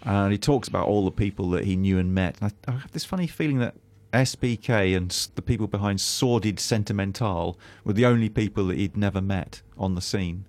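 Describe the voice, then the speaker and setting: A man's voice: lowish voice, fairly quick, few pauses, darkish tone, no room sound. A man, a guest on a radio show, talking casually in a rambling, hesitant way with many restarts.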